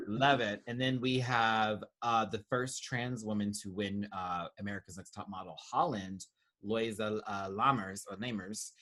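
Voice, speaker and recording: A man hosting a casual review chat, animated and playful, breaking into exclamations and laughter. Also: lowish voice, unhurried. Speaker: host.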